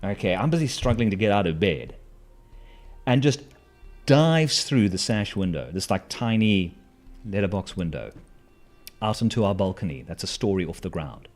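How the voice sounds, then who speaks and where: A man's voice: on the low side, expressive, normal speed, pauses often, darkish tone, faint music behind. A man telling a personal story in a casual, wry, self-mocking way, with lots of fillers and restarts.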